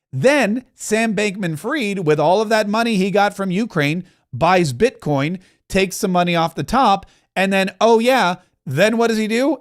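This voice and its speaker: A male podcast host with a notably high voice rails against politicians, piling up rapid, heated points. He talks in a run of asides and restarts. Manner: fast, heated ranting with asides. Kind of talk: opinionated political commentary.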